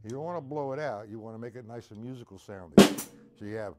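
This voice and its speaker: A man's voice: lowish voice, fast talker, over loud music. A man teaching a live-streamed drum lesson, counting beats aloud and checking in with his viewers. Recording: drum kit playing behind voice. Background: loud drum kit.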